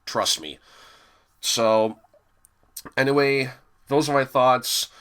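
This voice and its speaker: A man's voice: medium pitch, slow, a bit bright, clean tone. A young man giving an exasperated, profane review monologue, sighing heavily between complaints. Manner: exasperated and profane, with heavy sighs. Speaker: episode reviewer.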